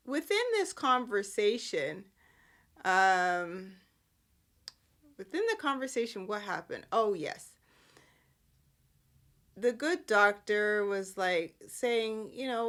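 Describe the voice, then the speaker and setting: A woman's voice: medium pitch, fairly bright tone. A woman hosting a podcast, chatting casually and with amusement through a soap-opera recap full of rambling asides. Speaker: podcast host. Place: indoors at home.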